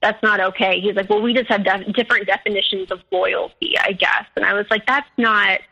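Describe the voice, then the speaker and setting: Woman guest, animated storyteller, bright higher voice, lo-fi call sound. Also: a little fast, breathy edge. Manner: animated, quotes both sides of arguments. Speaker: guest sharing her story. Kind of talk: casual storytelling. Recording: lo-fi call audio.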